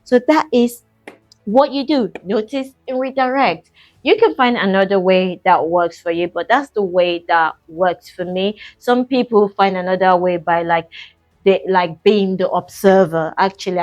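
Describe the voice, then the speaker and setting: A woman's voice: medium pitch, a little slow, darkish tone, highs cut off, soft background music. A middle-aged woman giving a casual mindset coaching talk, chatty and encouraging, addressing the listener as "sis".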